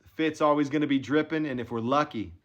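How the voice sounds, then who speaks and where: A man impersonating a cocky middle-aged male celebrity golfer, speaking low and slowly with swagger. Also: fairly bright tone, highs cut off, natural voice. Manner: low, slow, swaggering delivery.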